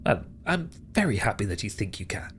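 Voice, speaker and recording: A man's voice: on the low side, very animated, brisk, a bit bright, a little hiss or hum. A British man voicing a smug, sneering male villain who schemes and gloats. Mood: gloating.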